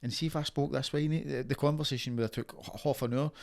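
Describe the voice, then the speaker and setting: Glaswegian man in his thirties, blunt podcast guest; gravelly, forthright and swearing. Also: mid-range voice, fairly even intonation, quick pace. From Scotland. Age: 30s. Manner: passionate, blunt, swears freely. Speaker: guest, fighter. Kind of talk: casual podcast interview.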